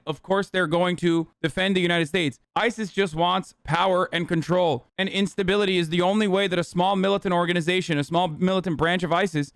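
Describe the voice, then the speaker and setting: A man's voice: a little high, fairly bright tone, smooth, dry recording. A young man commenting on political news as a streamer, heated and sarcastic, swearing constantly.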